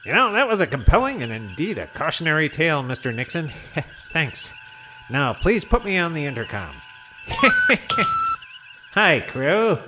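A man's voice: fairly high pitch, sing-song, moderate pace, music in the background, poor audio. A man doing a giggly starship captain. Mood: giddy. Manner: giggling, chatty. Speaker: voice actor.

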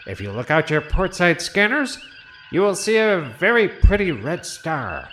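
A distractible starship captain chats and giggles in a bright voice, as a man acts it out. His pitch swoops wildly. Soft music sits behind. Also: big pitch swings, moderate pace, rough recording. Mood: giddy. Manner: giggling, chatty. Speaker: voice actor.

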